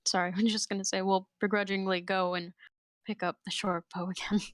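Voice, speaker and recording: A woman's voice: mid-range voice, flat delivery, brisk, fairly bright tone, no echo, studio quality. A woman playing a tabletop game, making laughing, sheepish asides. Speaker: player.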